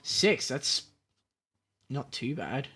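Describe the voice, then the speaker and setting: A man's voice: medium pitch, sing-song, extremely slow, fairly bright tone, slightly rough. A man running a tabletop game over voice chat, talking casually and swearing. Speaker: game master.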